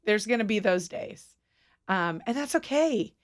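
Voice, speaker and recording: A woman's voice: medium pitch, animated, unhurried. A woman guest on a radio show, chatting candidly and laughing at herself. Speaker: radio guest from a city mission. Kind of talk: casual radio chat. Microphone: studio microphone.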